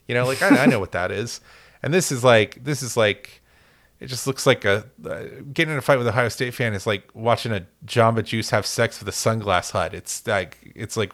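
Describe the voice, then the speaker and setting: A man's voice: medium pitch, a bit bright. A man co-hosting a casual sports podcast, rambling and joking with lots of fillers and restarts. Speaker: podcast co-host.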